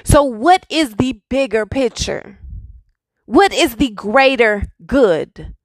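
A woman's voice: on the high side, expressive, slow pace, dry recording. A woman giving a spiritual pep talk, full of repeated rhetorical questions. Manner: preachy, repetitive rhetorical questions. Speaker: spiritual speaker. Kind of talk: inspirational monologue.

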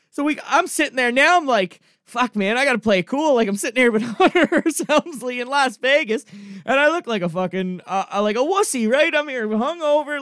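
High-voiced Cape Breton man spinning a yarn. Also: smooth, no room sound, clean studio sound. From Cape Breton, Canada. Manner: animated, profane, laughs often, fills with "like" and "I'm telling you". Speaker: storyteller. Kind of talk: casual comic anecdote.

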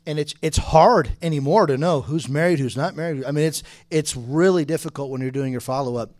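A man moderating a church leadership panel, speaking fast with a slightly raised pitch. He talks earnestly, often restarting his sentences as he works toward his point. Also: a little mellow. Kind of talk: conference panel discussion.

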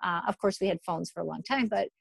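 A woman therapist with a gravelly, fry-laden voice talks through advice in a relaxed, conversational way. She pauses and restarts often, searching for words. The recording is close and dry. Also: on the low side, no echo. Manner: thoughtful, hesitant with fillers and restarts.

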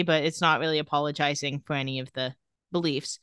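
A woman's voice: low-pitched, fairly quick, pushed and bright, clean tone, no echo, clean studio sound. A woman co-hosting a casual podcast, recounting tweets with wry commentary. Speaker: podcast co-host.

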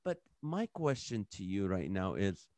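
A man's voice: low-pitched, very animated, measured pace, darkish tone, no room sound. A man hosting a podcast over a video call, telling stories in a loose, rambling way. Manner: storytelling, loose and rambling with fillers. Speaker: podcast host, comedian. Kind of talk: casual podcast conversation.

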